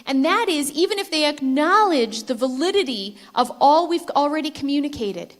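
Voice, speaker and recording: A woman giving a conference keynote speech, telling stories in a lively way and putting questions to the audience. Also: high voice, normal speed. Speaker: keynote speaker. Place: conference stage before a live audience.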